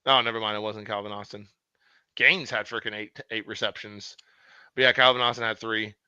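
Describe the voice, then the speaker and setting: A man co-hosting a casual sports podcast, excitable and swearing freely, with quick asides. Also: on the low side, clean tone, no echo, muffled recording. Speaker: podcast co-host.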